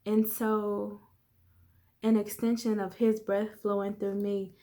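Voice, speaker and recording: A woman's voice: medium pitch, flat delivery, takes it slowly, warm tone, slight background noise. Candid woman coach talking to viewers. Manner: candid, conversational, addresses viewers as y'all. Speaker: life coach. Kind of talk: casual motivational vlog talk.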